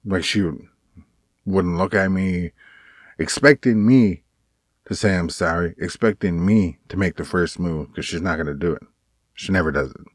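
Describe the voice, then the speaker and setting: A man talking in a casual personal vlog, rambling and halting with many restarts, earnest and aggrieved. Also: sits low, no room sound, studio quality. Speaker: vlogger.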